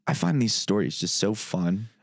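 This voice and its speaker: Laid-back low-voiced young man. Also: very animated, moderate pace, vocal fry, dry recording, studio quality. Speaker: podcast co-host. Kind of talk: casual chat.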